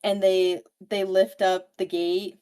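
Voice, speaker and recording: A young woman co-hosting a book podcast, recapping a novel's plot in a casual, animated, profane way. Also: mid-range voice, takes it slowly, clean tone.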